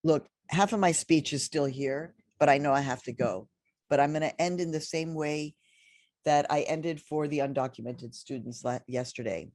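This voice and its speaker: A woman's voice: low voice, normal speed, darkish tone, no echo, studio quality. A middle-aged woman giving a heartfelt commencement speech to journalism graduates. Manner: heartfelt, rising to tearful near the end. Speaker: commencement speaker.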